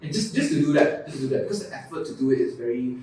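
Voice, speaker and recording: A young man chats as an interview guest, rattling along quickly and restarting his sentences as he goes. He is recorded from some distance off the mic in a very reverberant room. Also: mid-range voice, sing-song, darkish tone, a little hiss or hum. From Malaysia. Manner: loose and chatty, many "like"s and restarts. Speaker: content creator guest. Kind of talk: casual interview chat.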